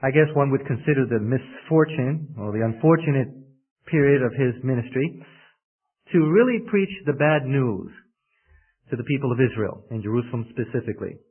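A man's voice: mid-range voice, animated, normal speed, husky. Male radio preacher, mid-range voice, emphatic sermon delivery, thin phone-like broadcast sound. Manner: emphatic, building to loud peaks. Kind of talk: sermon with storytelling.

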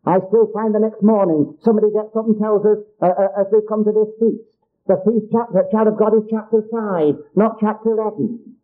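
A man's voice: high-pitched, a little fast. An older man preaching a sermon in an earnest, repetitive way, often calling his hearers child of God. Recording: dull lo-fi recording.

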